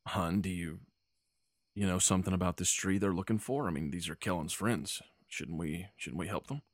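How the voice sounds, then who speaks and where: Elf husband, gentle and pleading, voiced by a man, deep and dry. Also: normal speed, no room sound. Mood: concerned.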